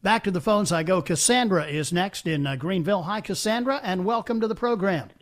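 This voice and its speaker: An older man hosting a talk radio call-in show in a folksy, halting manner, full of fillers and restarts. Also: high-pitched. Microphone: studio microphone.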